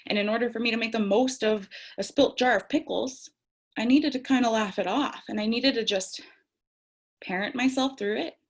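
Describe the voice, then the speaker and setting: A woman's voice: fairly high pitch, moderate pace. A young woman speaking candidly to camera about tarot and self-care, reflective and conversational, laughing at herself now and then. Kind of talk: reflective spiritual talk to camera.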